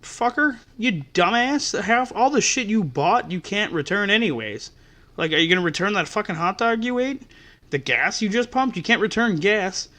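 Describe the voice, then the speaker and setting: A man's voice: high voice, expressive, moderate pace, pushed and bright. Exasperated man ranting, foul-mouthed. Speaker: podcast host. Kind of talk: ranting storytelling.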